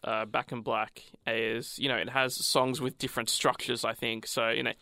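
A man's voice: mid-range voice, little pitch movement, normal speed, bright, forceful tone, no echo, studio quality. A man, chatting about rock records on a podcast, hesitant with many ums and restarts. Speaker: podcast co-host, music fan. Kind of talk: casual music discussion.

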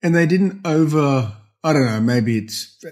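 A man's voice: a little high, expressive, measured pace, a little mellow. A man co-hosting a podcast, chatting casually about a film with dry, wry quips. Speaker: podcast co-host.

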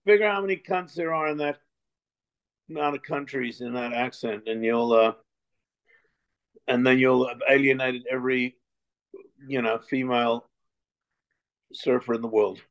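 A man's voice: medium pitch, fairly even intonation, normal speed, pauses often. An older man from South Africa, a filmmaker guest telling stories in a rambling, wry, crude style. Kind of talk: casual storytelling interview. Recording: muffled lo-fi remote line.

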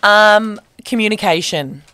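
A woman's voice: medium pitch, unhurried, sharp tone. A woman guest on a podcast, chatting in an easygoing way and laughing often. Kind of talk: casual chat.

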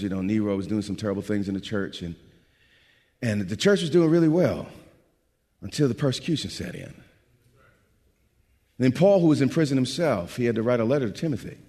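A middle-aged man preaches a sermon in a church sanctuary, his husky voice carrying a long hall reverb. His pitch swings widely, from low, hushed passages up to high, shouted peaks. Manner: building from low, quiet delivery to loud, shouted preaching. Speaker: pastor.

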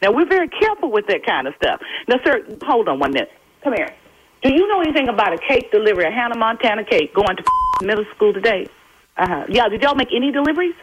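A woman with a high, lively voice answers a phone call as a bakery owner, polite but firm and saying "sir" again and again. Her voice comes through a muffled phone line, dry and close. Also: quick pace, slight background noise. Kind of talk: phone conversation. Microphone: telephone.

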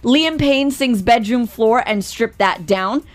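A woman's voice: fairly high pitch, slow. A woman hosting a radio show, teasing and playful as she runs a quiz. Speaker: radio host. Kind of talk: casual radio banter.

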